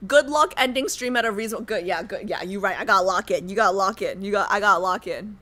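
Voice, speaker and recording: An American woman streaming a game, chatting casually with her viewers in an animated, joking way. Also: mid-range voice, fast talker, few pauses. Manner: animated, joking, talks to chat. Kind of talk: casual livestream chat.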